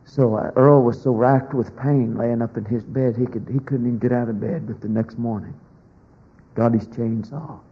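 A male preacher tells a folksy story with a gravelly, husky voice. He swings from shouting to near whispers as he works the story. The recording sounds dull and lo-fi. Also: medium pitch, steady tone, moderate pace. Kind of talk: sermon storytelling.

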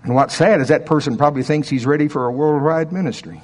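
A man's voice: a little high, fast, big-room sound. A middle-aged man preaching a sermon in a conversational storytelling way, with asides and rhetorical questions to the congregation. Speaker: pastor.

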